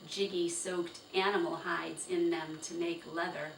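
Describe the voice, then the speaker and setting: A woman reading a children's chapter book aloud with slow, expressive storytelling. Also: lowish voice, vocal fry. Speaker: storybook reader. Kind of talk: children's read-aloud narration. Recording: roomy, distant, faint hiss.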